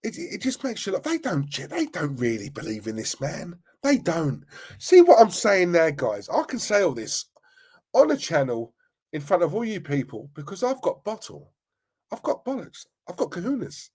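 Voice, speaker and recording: A middle-aged man, hosting a live football fan stream in an animated, slangy rant. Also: sits high, normal speed, breathy edge. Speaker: fan channel host.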